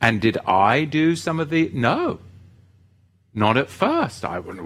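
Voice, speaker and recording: A man hosting a religious livestream, reading viewer comments and chatting about scripture in an animated, fired-up way. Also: unhurried. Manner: animated, gets fired up and swings his pitch. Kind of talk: casual livestream chat with scripture talk.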